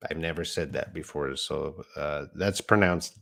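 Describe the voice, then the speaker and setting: Low-voiced middle-aged guy doing a live english class, slow and patient, fixes his own slips. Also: steady tone, vocal fry, a bit bright. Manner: patient, explains words step by step, corrects himself. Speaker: English teacher. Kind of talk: live online English lesson.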